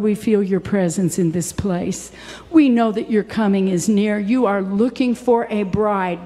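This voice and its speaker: A woman's voice: a little high, a little mellow. A woman preaching a sermon in a church, impassioned and dramatic, acting out the voices she quotes. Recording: long reverberant hall.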